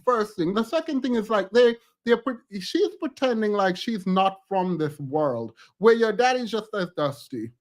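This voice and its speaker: A man's voice: high voice, animated, measured pace, hardly any pauses. A man streaming reaction commentary on reality TV clips, exasperated and ranting, repeating words for emphasis.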